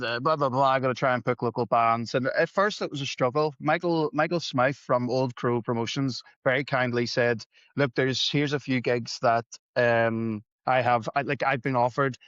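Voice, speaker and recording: A man's voice: medium pitch, a bit bright, no room sound. A man talks as a podcast guest, rambling through his stories with self-deprecating humor and acting out the lines of people he quotes. His recording sounds dry and a little dull, with no room around it. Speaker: podcast guest, musician and gig promoter. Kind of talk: casual storytelling.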